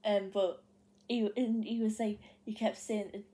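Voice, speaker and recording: A woman's voice: mid-range voice, little pitch movement, unhurried, warm tone. A young woman with a Geordie accent telling a story to the camera in casual vlog chat, rambling with lots of fillers and restarts. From North East England. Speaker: vlogger.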